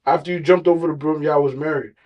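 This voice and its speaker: Man, podcast co-host, slightly high voice, slangy, argues and tells stories. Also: steady tone, fast, highs cut off. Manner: storytelling, argumentative, slangy. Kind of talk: casual chat.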